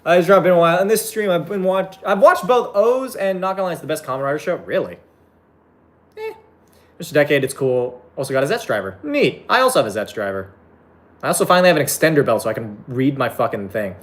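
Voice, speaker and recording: A young man talks on a live stream in a loose, profane ramble, hopping from one topic to the next as he answers chat. His voice sits a little high for a man and swings widely up and down when he gets worked up. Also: fast talker. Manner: profane, rambling, excitable, jumps between topics. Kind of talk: casual live-stream chat reading viewer comments.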